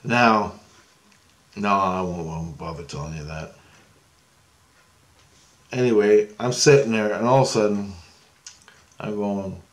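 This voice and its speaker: A man's voice: lowish voice, unhurried, pauses often. A man telling a long personal story in a meandering, self-correcting way, often breaking into laughter. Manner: meandering, full of restarts and frequent laughter. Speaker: paranormal vlogger.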